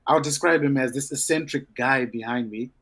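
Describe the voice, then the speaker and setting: A man in a casual chat, telling a personal anecdote in a relaxed, easygoing way. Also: medium pitch, moderate pace, a crowd in the background.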